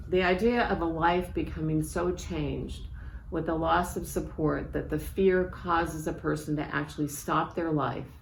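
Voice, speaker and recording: A woman in her sixties, an author reading aloud from her memoir in a measured, reflective way. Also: low voice, gravelly. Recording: echoey room with faint background noise.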